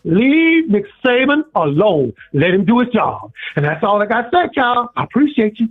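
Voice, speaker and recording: A man's voice: sing-song, normal speed, soft background music. A man calling in to a sports radio show, preaching and repeating himself. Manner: preachy, repeats himself, swings high and low. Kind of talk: impassioned call-in rant. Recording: tinny phone line.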